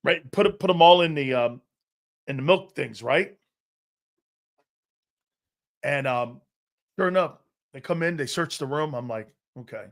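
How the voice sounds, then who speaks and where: A middle-aged man hosting a sports talk show, telling a profane, animated story and loudly acting out the people in it. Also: fairly high pitch, measured pace, pauses often.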